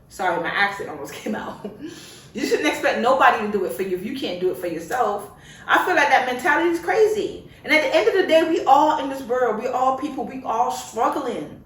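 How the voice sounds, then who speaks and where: A young woman hosting a podcast, speaking in a fairly high voice with big swings in pitch as she rants and laughs. She sits a bit away from the mic, so the sound is roomy and echoey. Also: brisk, distant mic. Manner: animated, ranting, laughs often. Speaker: podcast host. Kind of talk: casual opinionated monologue.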